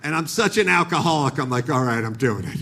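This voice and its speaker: A man's voice: mid-range voice, animated, a little fast, background noise. A middle-aged man doing a stand-up comedy set on stage, telling a story with acted-out voices. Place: live comedy stage with audience.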